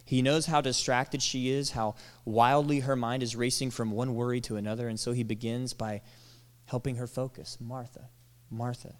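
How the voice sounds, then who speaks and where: A man preaching a sermon, animated, acting out quoted lines and dropping to soft, tender tones. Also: mid-range voice, normal speed. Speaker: pastor. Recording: long hall reverb.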